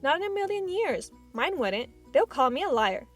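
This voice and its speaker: A woman voicing a calm, clever little girl in an audiobook reading, explaining things earnestly. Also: sits high, moderate pace, soft background music, voice pushed up.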